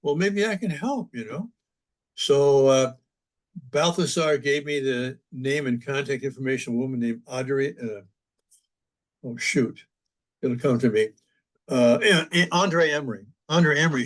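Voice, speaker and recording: An older man, a priest, reminiscing in an interview with relaxed, humorous storytelling. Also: mid-range voice. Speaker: interview guest, priest and publisher. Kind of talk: anecdotal storytelling in conversation.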